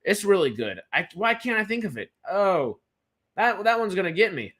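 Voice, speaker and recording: A man's voice: high-pitched, big pitch swings, moderate pace, fairly bright tone. Rambling young man chatting. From Texas. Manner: rambling, stammering restarts, enthusiastic. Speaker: film news co-host. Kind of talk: casual live-stream chat.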